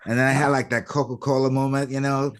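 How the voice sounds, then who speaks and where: A middle-aged man, an audio engineer, telling a lively anecdote and acting out the voices of the people in it. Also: medium pitch, fast talker. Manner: animated, acts out quoted voices. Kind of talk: storytelling anecdote.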